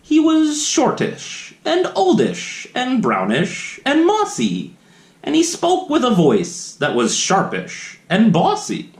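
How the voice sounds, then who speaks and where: A man's voice: very high-pitched, wildly swooping pitch, slow pace. A man reads a rhyming children's book aloud, his voice swooping widely up and down. He takes his time and stops for playful asides to his young listeners. The sound carries a roomy echo. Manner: sing-song rhyming reading with playful asides. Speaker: children's story reader.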